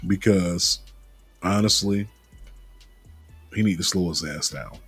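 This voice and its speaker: A man's voice: sits low, slow pace, fairly bright tone, slightly rough, faint music behind. A man hosting a casual wrestling talk show, joking and laughing at his own stumbles over names. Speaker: podcast host.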